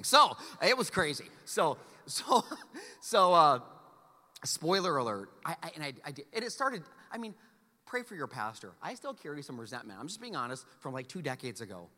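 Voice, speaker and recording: Animated preacher man in a big hall. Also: fairly high pitch. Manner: animated storyteller, playful ranting. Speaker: pastor. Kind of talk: sermon. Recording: long hall reverb.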